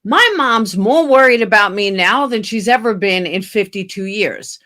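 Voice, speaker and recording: A woman's voice: mid-range voice, expressive, normal speed, a bit bright. Blunt, frank woman in her fifties. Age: 50s. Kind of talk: casual chat.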